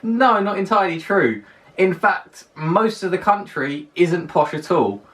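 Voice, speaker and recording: A man's voice: high-pitched, lively intonation, unhurried, fairly bright tone. Chatty well-spoken London man, slightly distant. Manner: chatty, emphatic, repeats words for stress. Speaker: vlogger. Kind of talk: casual countdown list to camera. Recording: voice a little distant from the mic.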